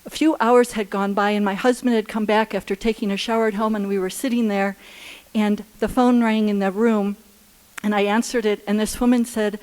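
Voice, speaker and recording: A woman telling a personal story live on stage at a story slam, earnest and unhurried, with halting restarts. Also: medium pitch, steady tone, darkish tone.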